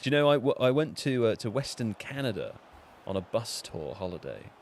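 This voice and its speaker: A man's voice: medium pitch, brisk. A man whose voice swings up and down a lot, chatting casually while he plays a football video game on a live stream. He teases his co-hosts playfully, with a faint hiss of room noise behind him. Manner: animated, laughing and teasing. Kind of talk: casual banter while gaming.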